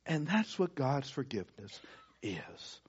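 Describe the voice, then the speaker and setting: Male preacher, husky tone, animated pitch, dull lo-fi recording; sermon with dramatic hushed drops. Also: unhurried. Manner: dramatic shifts from loud emphasis to hushed near-whisper. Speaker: pastor. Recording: dull lo-fi sound.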